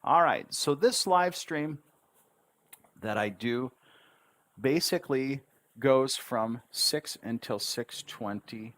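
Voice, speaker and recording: A man's voice: mid-range voice, lively intonation, takes it slowly, fairly bright tone. A man teaching English pronunciation on a livestream, repeating words syllable by syllable with encouraging asides. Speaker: English tutor.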